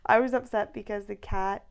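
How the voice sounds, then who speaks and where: A pregnant woman in her thirties chatting casually, telling an animated story, acting out quoted lines and laughing often. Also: a little high. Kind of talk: casual chat.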